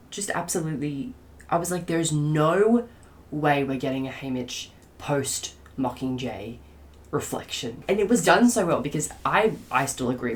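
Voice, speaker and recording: A woman book reviewer in a casual spoiler rant to camera, gushing and excitable, often restarting her sentences. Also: very deep voice, slight background noise.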